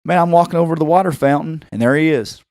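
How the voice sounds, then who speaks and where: A man's voice: on the high side, rapid-fire, dry recording, clean studio sound. A man with a Tennessee accent telling a story on a casual podcast, acting out the other people's voices as he goes. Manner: animated, acts out quoted voices. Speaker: podcast host.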